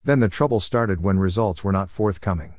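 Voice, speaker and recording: Low-voiced man telling a story. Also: brisk, darkish tone, no echo, studio quality. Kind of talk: first-person storytime narration.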